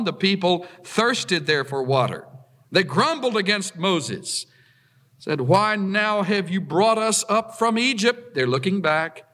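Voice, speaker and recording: A male preacher delivering a sermon at an unhurried pace, his voice swooping up and down with animated emphasis. He reads passages aloud, then explains them, often pushing his pitch high on key words. A long reverb trails his voice as if in a large hall.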